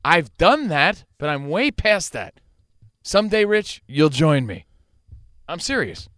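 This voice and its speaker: Bright clear-voiced host guy ranting on his talk show, swears a lot, dry close mic. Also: a little high, slow, no room sound. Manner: animated, profane, argumentative. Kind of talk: casual talk show banter.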